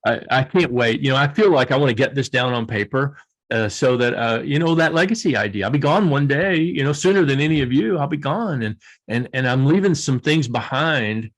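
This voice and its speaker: A man's voice: medium pitch, lively intonation, a little fast. Earnest older man telling his story. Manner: earnest, storytelling, laughs often. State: tearful. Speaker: guest author. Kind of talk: emotional reflective interview talk.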